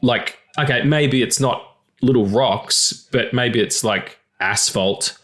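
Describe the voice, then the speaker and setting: A man hosting a podcast in casual, crude, jokey banter, his voice still slightly gravelly after losing it. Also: medium pitch, takes it slowly. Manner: animated, crude, jokey, with restarts. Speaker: podcast host.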